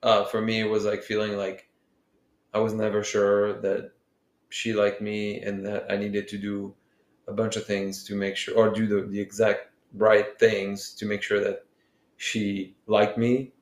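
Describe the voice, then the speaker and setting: Flat, low-voiced man musing in an echoey room. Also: unhurried. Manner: reflective, summarizing, hesitant. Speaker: podcast co-host. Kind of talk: casual chat.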